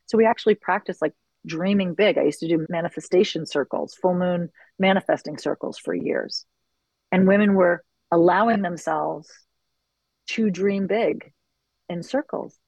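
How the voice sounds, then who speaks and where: A woman's voice: lowish voice, moderate pace, slightly rough, no echo, poor audio. Middle-aged woman talking about leading circles, earnest and reflective, dry close mic. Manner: earnest, reflective, quotes others with animated bursts. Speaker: circle facilitator. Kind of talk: conversational interview.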